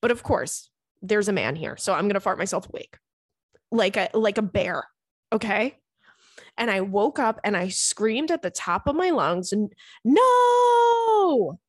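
A woman's voice: medium pitch, expressive, normal speed, husky, dry recording. A young woman hosts a casual podcast, chatty and loose, dropping swear words as she tells funny stories about her week. Her voice sits in a middle register and is recorded dry and close. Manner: chatty, swears freely, laughs through stories. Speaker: podcast host. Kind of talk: casual chat.

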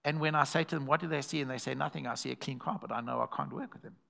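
Bright-toned guy preaching, acts out the voices in his story, calls out to the church. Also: medium pitch, racing, creaky. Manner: animated, calls to the congregation, acts out quoted voices. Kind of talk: sermon with storytelling.

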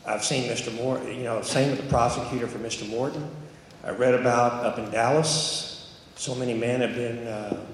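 A man's voice: medium pitch, steady tone, moderate pace, a little hiss or hum. Male coach, earnest audience question, echoey hall. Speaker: basketball coach.

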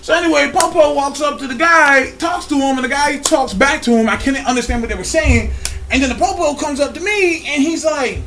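A young man from California, telling a story in a casual chat as a podcast host. He is animated and profane, and often laughs as he talks. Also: extremely high pitch, fairly quick.

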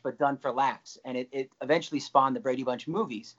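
A man guest on an interview, telling an excited anecdote with lively jumps in his voice. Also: fast talker, hardly any pauses, dull audio. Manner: animated, excited storyteller with frequent pitch jumps. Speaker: guest actor. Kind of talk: casual anecdote storytelling.

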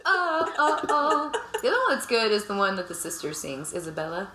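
A woman's voice: mid-range voice, sing-song, fairly quick, pushed and bright. A woman co-hosting a podcast in casual chat, who laughs often and breaks into song. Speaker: podcast co-host. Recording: echoey room with background noise.

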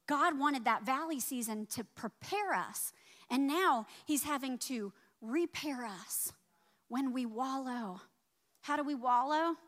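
Woman pastor preaching, high bright voice, gets loud then drops low for bible verses. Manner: dynamic preaching, climbs loud and high on key points, drops low for scripture. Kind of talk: sermon.

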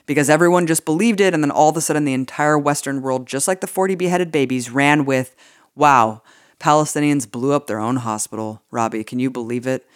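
This woman co-hosts a political podcast, and her low voice comes through clean studio audio with no room sound. She talks casually and indignantly, swears freely, and uses "like" as filler a lot.

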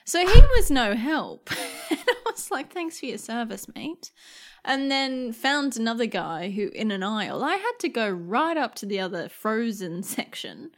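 Young woman, podcast co-host, animated raconteur, higher voice. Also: moderate pace. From Australia. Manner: animated storytelling, acts out quotes, laughs often. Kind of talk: casual chat.

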